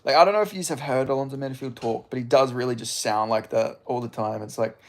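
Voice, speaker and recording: A man's voice: medium pitch, fast talker. A young Australian man streaming, chatting casually with viewers in a sweary, rambling way. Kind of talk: casual live-stream chat.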